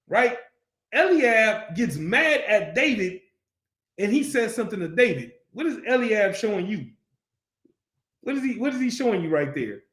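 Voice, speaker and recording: A man's voice: sits high, very animated, normal speed, a bit bright, reverberant. A man teaching a Bible class, keeps asking the class questions and acts out the story in street slang.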